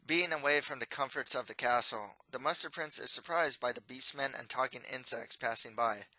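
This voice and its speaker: An author reads his own fantasy novel aloud in a plain, steady delivery, opening with a short plug. His voice is very bright and middle in pitch, recorded close and dry. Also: normal speed, no room sound, low-quality recording. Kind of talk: storybook reading and promotion.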